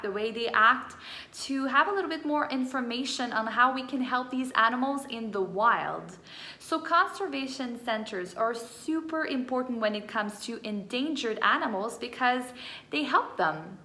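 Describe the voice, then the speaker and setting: Bright-voiced woman teaching first graders. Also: on the high side. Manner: patient explaining with many fillers. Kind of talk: recorded classroom lesson for children. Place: home room with whiteboard. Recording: echoey room.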